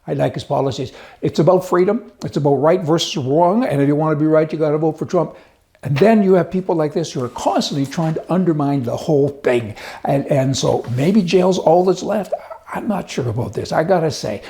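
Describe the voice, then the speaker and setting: A man's voice: a little high, expressive, brisk, gravelly, mellow. A man giving opinionated news commentary in a folksy, emphatic, chatty way. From United States.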